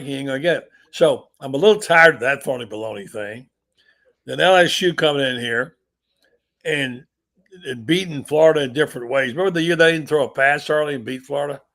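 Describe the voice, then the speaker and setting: Gravelly older sports talk host. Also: male voice, a little high, fairly bright tone. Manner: opinionated, blunt, storytelling. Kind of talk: sports talk radio chat.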